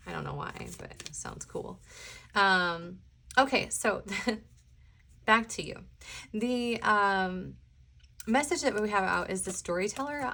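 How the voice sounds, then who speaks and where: A woman's voice: mid-range voice, a little slow, pushed and bright, slight background noise. A woman from the US Midwest, a tarot reader chatting casually through a pick-a-card reading, rambling and laughing often.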